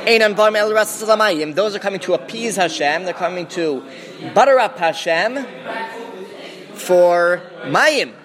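A man's voice: high-pitched, lively intonation, a little slow, fairly bright tone. A man teaching a Talmud class, explaining as he goes with many restarts and Hebrew and Aramaic terms.

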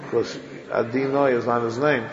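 A man giving a religious lecture to a class, sounding out Hebrew words slowly and repeating them to show how they should be said. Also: medium pitch, flat delivery, crowd noise. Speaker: religious teacher. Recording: lo-fi echoey hall recording.

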